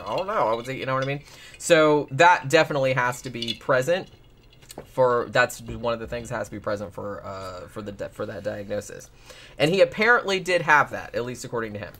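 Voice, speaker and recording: A man's voice: mid-range voice, fairly bright tone, a little hiss or hum. A man hosting a casual true-crime podcast, rambling with lots of "like" and restarts. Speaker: podcast host.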